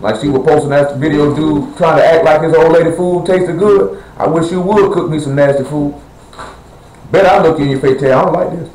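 A man's voice: on the high side, fairly quick, darkish tone. Blunt preacher man in an echoey room. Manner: blunt, conversational, quizzes the congregation. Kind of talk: sermon. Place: church assembly hall.

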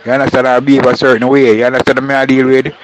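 A man's voice: mid-range voice, level tone, rapid-fire, poor audio. Rambling Jamaican man. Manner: rambling, repeats "you understand". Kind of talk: street interview commentary.

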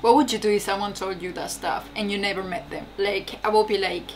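A woman's voice: mid-range voice, fairly even intonation, fairly quick, faint music behind. A young woman casually reacting aloud to a TV episode, exclaiming, swearing and laughing between remarks. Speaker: reaction video host.

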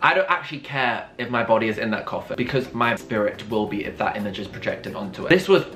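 A man's voice: on the low side, animated, quick pace, a bit bright, slight background noise. A young man with a British accent giving camp, sassy, theatrical reaction commentary, breaking into squeals. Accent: British English. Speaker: YouTube commentator. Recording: echoey room with faint music behind.

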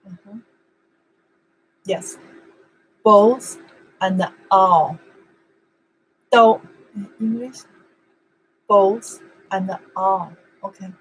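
A woman's voice: mid-range voice, slight background noise, poor audio. A woman whose first language is Chinese, teaching an online language lesson in simple, broken English and repeating words over and over for practice.

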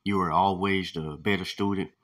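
A man's voice: deep voice, fairly even intonation, normal speed, a bit bright. A man reading aloud, giving voice to a scornful adult male militant in a tense argument.

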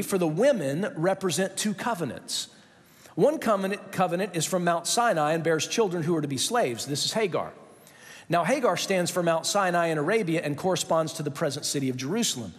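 High-voiced pastor in a reverberant hall. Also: male voice. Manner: conversational storytelling with asides and rhetorical questions. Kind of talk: sermon. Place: large church sanctuary.

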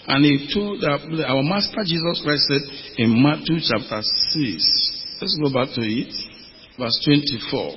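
A man's voice: on the high side, lively intonation, unhurried, slight background noise. A man from Nigeria preaching a sermon as pastor, with emphatic questions thrown to the congregation. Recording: muffled audio with long hall reverb.

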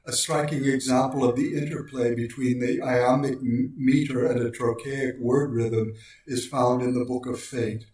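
A man giving a precise, measured lecture on poetic meter and slowing down to recite lines of verse. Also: medium pitch, fairly even intonation, a little mellow. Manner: precise, deliberate delivery, slows for quoted lines. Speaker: lecturer on poetry. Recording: very echoey room, voice far from mic.

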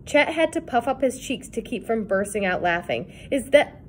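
Woman narrator, read-aloud kids' book, expressive. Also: on the high side, normal speed, a little hiss or hum. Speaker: reader.

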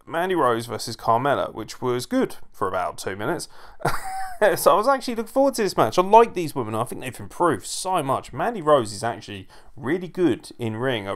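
A man picks apart a wrestling broadcast in a blunt, profane rant, sarcastic and fed up. His mid-pitched voice is smooth and clear. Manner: blunt, profane ranting critic; sarcastic and exasperated. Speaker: wrestling podcast host. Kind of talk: opinionated wrestling show review.

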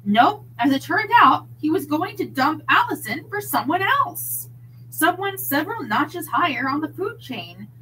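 Female narrator, slow and expressive, bright tone. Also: sits high, slight background noise, rough recording. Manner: expressive, dramatic. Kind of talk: reading a mystery novel aloud.

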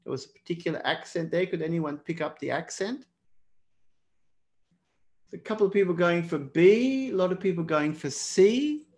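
A man's voice: high voice, animated, normal speed, darkish tone. Upbeat Australian man teaching live. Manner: encouraging, talks to chat viewers by name. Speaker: exam prep teacher. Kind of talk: live online lesson.

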